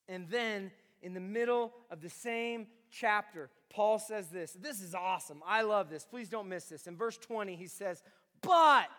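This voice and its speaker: High-voiced man preaching in a reverberant hall. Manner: swings from quiet and conversational to shouting preaching. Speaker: pastor. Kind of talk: sermon. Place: large room with congregation.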